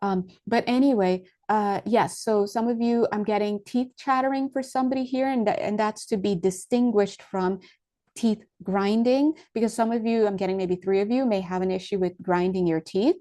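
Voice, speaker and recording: Giggly, rambling woman with a mellow voice. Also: mid-range voice, fairly even intonation, moderate pace. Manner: rambling, loses her thread and restarts often; giggly, laughs often between phrases. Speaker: spiritual teacher. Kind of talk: casual spiritual talk to viewers.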